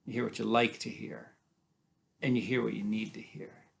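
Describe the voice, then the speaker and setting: A man voicing a calm, wise grown brother from the country in a told folk tale, speaking quietly and matter-of-factly. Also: fairly low pitch, creaky. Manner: quiet, unhurried, matter-of-fact.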